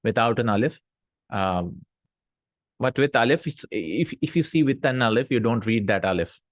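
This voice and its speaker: A man teaching a recorded Arabic grammar lesson, reading example sentences aloud, translating them, and checking in with quick "hmm?" and "no?" asides. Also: medium pitch, expressive, no room sound. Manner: explanatory, checks in with frequent "hmm?" and "no?".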